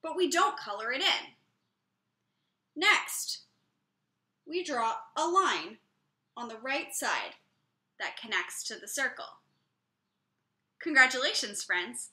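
A woman music teacher talks young children through a lesson, slow and clear. Her voice is high and very bright, with a lively, swooping pitch. The room around her is echoey.

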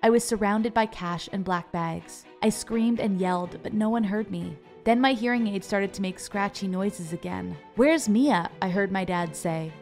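A woman reading a first-person animated story as scripted narration, dramatic and lively in delivery. Her voice sits at a middle pitch. Light music plays underneath. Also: normal speed, few pauses.

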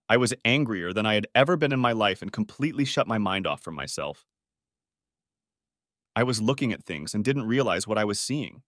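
A man narrating a dramatic story as an audiobook in an expressive storytelling manner. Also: mid-range voice, no echo, studio quality.

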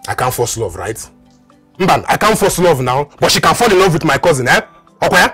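A man's voice: fairly high pitch, very animated, fairly quick, fairly bright tone, breathy edge, faint music behind, heavily acted. An actor with a Nigerian accent playing a proud young hunter who has been spurned in love. He repeats himself as his voice rises in protest. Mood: bitter. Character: proud young male hunter, jilted and indignant.

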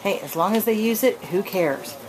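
A woman chats casually at an average pitch while filming puppies at home, often sliding into high, sing-song baby talk. She sounds close to a small handheld camera's built-in mic. The recording carries clear background noise throughout. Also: lively intonation, normal speed. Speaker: dog breeder. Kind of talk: casual home video narration. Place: indoor room at home with puppies. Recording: noisy home camcorder recording.

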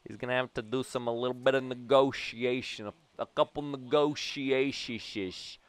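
A young man casually commentating his own baseball video game, joking around and breaking into loud cheers and yells. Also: medium pitch, moderate pace. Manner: excitable, jokey, bursts into loud cheers and yells. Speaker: gaming YouTuber.

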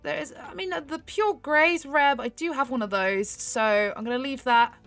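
A young woman chatting excitedly to her viewers while she plays a horse game, giggling often. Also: sits high, moderate pace, faint music behind. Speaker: gaming YouTuber. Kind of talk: casual gameplay commentary.

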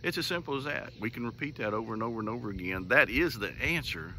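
Folksy man, bright voice. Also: mid-range voice, expressive, quick pace, slight background noise. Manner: folksy, homespun storytelling. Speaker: host of a morning devotional commentary. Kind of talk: casual faith talk.

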